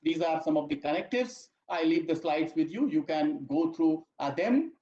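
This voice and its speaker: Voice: mid-range voice, lively intonation, moderate pace, mellow. A lecturer gives an online training talk. The delivery is emphatic, repeats key phrases and keeps addressing the listeners as "my dear friends.". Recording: echoey room, dull lo-fi audio.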